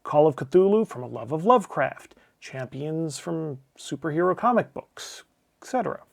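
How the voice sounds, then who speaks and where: Man, middle-aged, slightly high voice, channel host, scripted film review, blunt, profane, wry asides. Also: expressive, normal speed, vocal fry. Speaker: channel host, game publisher.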